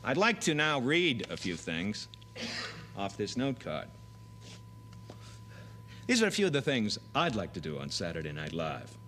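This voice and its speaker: A man's voice: on the low side, slight background noise. A man auditioning as a comedian, talking plainly between bursts of character voices. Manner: animated, rapid switches between voices and his plain delivery.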